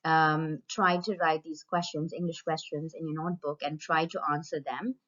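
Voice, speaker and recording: A woman with a low voice gives a recorded lesson to school pupils, saying each phrase slowly and then again. The sound is dull and lo-fi, as from a plain home recording. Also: flat delivery, a bit bright. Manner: slow, repeats phrases for pupils to copy. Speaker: French teacher.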